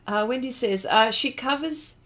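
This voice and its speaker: A woman's voice: a little high, normal speed, a bit bright. A woman chatting casually on a live art stream, reading viewer comments aloud and exclaiming often.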